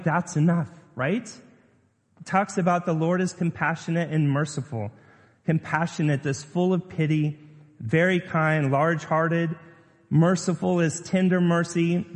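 A man preaching a sermon as pastor, chatty and conversational, putting questions to his congregation. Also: a little high. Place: church sanctuary. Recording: long reverb of a church hall.

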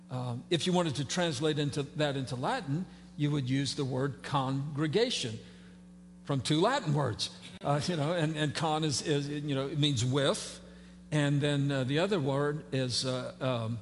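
A man's voice: fairly high pitch, long reverb tail, slight background noise. A man preaching a sermon as pastor, conversational and folksy, with fillers and playful asides. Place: church sanctuary.

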